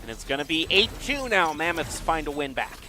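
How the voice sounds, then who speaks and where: A man casting an esports match with brisk, chatty play-by-play and easy laughter. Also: fairly high pitch, very animated, background noise. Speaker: esports caster.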